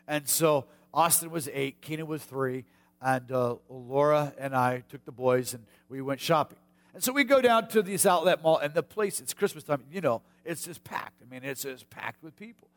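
A middle-aged man from the United States preaching a sermon, telling a personal story in a folksy way with hushed asides and sudden shouts. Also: on the high side, expressive, moderate pace. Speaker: pastor.

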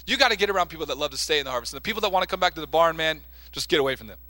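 Bright-voiced preacher, emphatic and high. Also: male voice, animated, racing. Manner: emphatic, asks and answers his own questions. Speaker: pastor. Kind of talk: sermon.

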